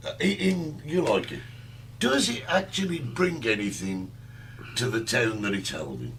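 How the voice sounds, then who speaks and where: A man hosts a relaxed talk show and teases his co-host in easy banter. His pitch moves up and down a lot. A faint hum runs under the recording. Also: moderate pace. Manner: teasing, greets listeners by name.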